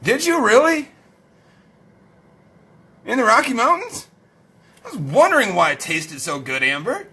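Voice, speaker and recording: A man's voice: very high voice, big pitch swings, measured pace, pauses often, pushed and bright. A man hosting a late-night live stream, rowdy, profane and joking, a little tipsy from beer.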